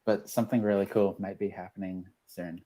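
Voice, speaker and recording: An Australian man joining as a guest on a casual show, playful and quick to laugh. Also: sits low, fairly even intonation, mellow. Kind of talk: casual chat.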